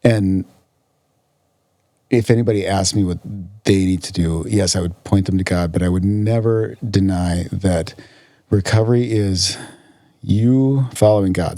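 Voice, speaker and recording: Deep-voiced earnest man, dry sound. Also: moderate pace, mellow, no room sound. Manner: earnest, repeats words while searching for them. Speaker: podcast guest, physician in recovery. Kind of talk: casual conversation.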